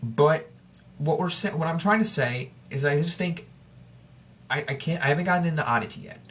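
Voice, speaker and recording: A man's voice: a little high, fairly quick, a bit bright, slight background noise. Rambling man hosting a casual podcast. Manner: rambling, with frequent restarts and self-corrections; informal and chatty, addressing listeners directly. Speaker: podcast host. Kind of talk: casual solo podcast chat.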